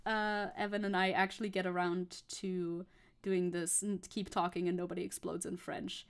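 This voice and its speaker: A woman's voice: medium pitch, steady tone, moderate pace, smooth. A young woman streamer chatting casually and rambling while she paints, swearing now and then. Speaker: VTuber streamer.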